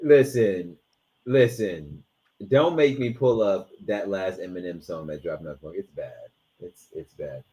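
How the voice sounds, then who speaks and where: A man co-hosting a casual podcast, retelling stories with animated, profane, dramatic flair. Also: sits low, moderate pace. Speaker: podcast co-host. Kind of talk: casual sports and culture chat.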